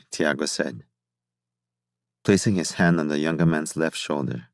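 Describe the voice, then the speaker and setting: A male audiobook narrator with a deep, low voice, telling a science fiction story at a measured, even pace. The recording is dry and close, with no room sound at all. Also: no room sound. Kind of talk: scripted narration.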